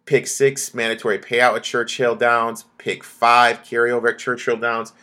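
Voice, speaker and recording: A man's voice: mid-range voice, level tone, moderate pace, sharp tone. A young man hosting a solo sports betting podcast, blunt and ranting, swearing freely.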